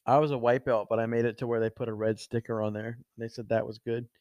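A man's voice: medium pitch, little pitch movement, quick pace, a little mellow, dry recording, lo-fi sound. A young man hosting a casual podcast, joking and swearing freely, laughing often. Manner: joking, profane, laughs often, breaks into silly impressions. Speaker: podcast host.

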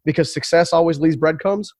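A man's voice: on the high side, brisk, a little mellow, no echo, clean studio sound. A man telling his story as a podcast guest, earnest and emphatic, often repeating words.

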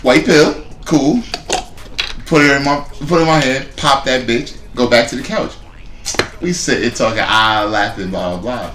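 Animated New man telling a story. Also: mid-range voice, moderate pace, reverberant, background noise. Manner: animated, laughs often, acts out quoted lines. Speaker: podcast co-host. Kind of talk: casual storytelling chat.

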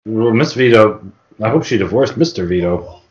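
Profane mocking podcast host. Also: male voice, on the low side, expressive, normal speed, roomy sound, highs cut off. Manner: profane, mocking, puts on silly voices. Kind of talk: crude comedic podcast banter.

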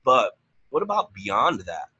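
A man co-hosting a motivational team call, animated, with his pitch leaping up when he gets excited. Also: measured pace, slightly rough, muffled recording. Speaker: coach and co-host.

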